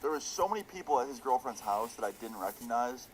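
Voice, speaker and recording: A man's voice: medium pitch, lively intonation, fast talker, a little hiss or hum, poor audio. A young man casually narrating a storytime video in a laid-back, slangy way with casual swearing. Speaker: storytime YouTuber.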